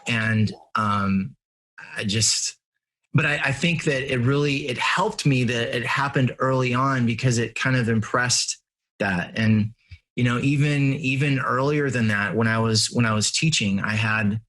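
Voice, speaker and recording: A middle-aged man, a guest in an interview, telling personal stories in an earnest, animated way and laughing at himself. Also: medium pitch, measured pace. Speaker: interview guest, family and business coach. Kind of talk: conversational storytelling.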